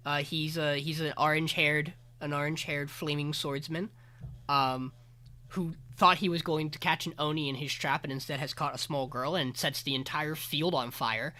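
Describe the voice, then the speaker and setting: A man's voice: on the high side, steady tone, normal speed, bright, forceful tone. A man co-hosting a podcast, giving a rambling, casual anime episode recap full of fillers and the odd swear. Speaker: podcast co-host.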